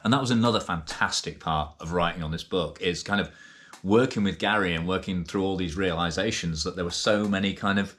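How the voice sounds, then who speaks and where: A man, chatting in a casual vlog and reading out passages from a book, with lots of fillers and lively asides. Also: low voice, a little fast. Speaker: vlogger and co-author reading from a book.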